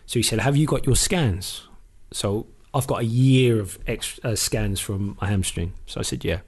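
A man's voice: fairly low pitch, moderate pace, darkish tone, breathy edge. A middle-aged man, a former footballer, casually telling a long story on a podcast, swearing freely and acting out what others said to him. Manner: swears freely, retells with quoted dialogue.

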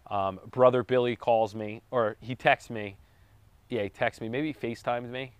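A man's voice: mid-range voice, fairly even intonation, moderate pace, clean tone, no echo. A man casually telling a long, rambling personal story with jokes and self-corrections on a podcast. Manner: rambling, self-correcting, joking, with light laughs. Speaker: podcast co-host telling his daughter's birth story.

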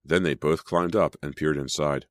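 Very deep-voiced man narrating. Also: steady tone, dry recording, studio quality. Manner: measured storytelling. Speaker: audiobook narrator. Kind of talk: scripted narration.

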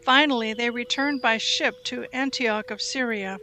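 Woman reading scripture over steady noise. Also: a little high, moderate pace. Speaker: Bible reader.

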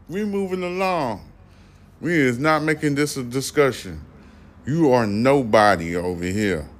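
A man's voice: medium pitch, animated, a little slow, a bit bright. A man hosting a podcast, ranting casually with heavy swearing and slightly slurred, tipsy speech. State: slightly drunk. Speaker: podcast host. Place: studio room behind glass.

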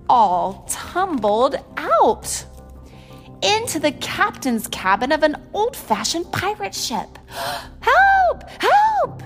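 A woman reading a picture book aloud, slow and expressive, voicing each character. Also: a little high. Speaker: storyteller.

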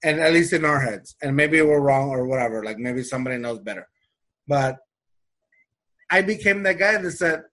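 A man telling a story in casual chat, animated and acting out the people he quotes. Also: medium pitch, normal speed. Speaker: storyteller in a conversation.

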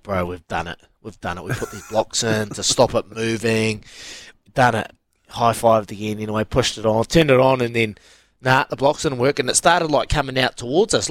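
A medium-pitched man co-hosts a radio show, spinning a story in casual chat with laughs and acting out the quotes. He is animated throughout, and the recording has no room sound.

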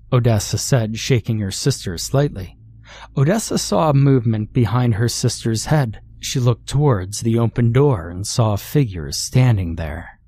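A man narrating a horror story in a slow, measured, dramatic storytelling style. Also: medium pitch, dark tone, slightly rough.

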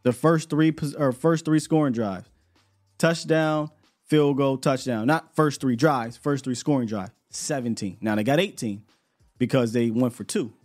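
A man's voice: mid-range voice, a little slow, a little mellow, soft background music. Emphatic man hosting a sports talk show. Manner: emphatic, repeats points for effect.

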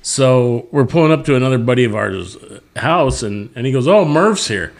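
Co-host: mid-pitched guy, easygoing, swears freely, tells stories between laughs. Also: normal speed, creaky. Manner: laughing, profane anecdote telling. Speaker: podcast co-host. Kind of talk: casual comedy podcast banter.

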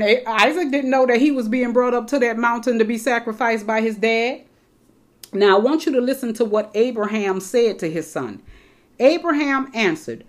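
A woman preaching a sermon to her congregation, reading scripture aloud and explaining it with casual, animated asides. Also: a little high, moderate pace.

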